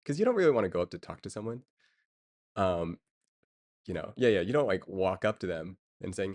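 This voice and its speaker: A man's voice: deep voice, sing-song, brisk, long pauses, darkish tone. A man streaming and chatting casually with his viewers, rambling with lots of fillers and chuckles. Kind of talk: casual chat.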